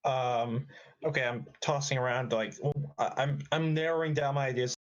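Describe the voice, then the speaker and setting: A man chatting on an online voice call before an improv game, talking in halting restarts and swearing often. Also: medium pitch, fairly even intonation, lo-fi sound. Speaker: improv player. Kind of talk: casual chat on a voice call. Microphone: online voice chat mic.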